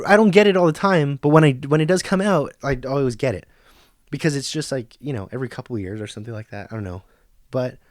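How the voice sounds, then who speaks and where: A man's voice: mid-range voice, dry recording, clean studio sound. Profane man ranting on a podcast. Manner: profane, ranting, mock nature-documentary whispers. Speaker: podcast host. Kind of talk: comedic monologue.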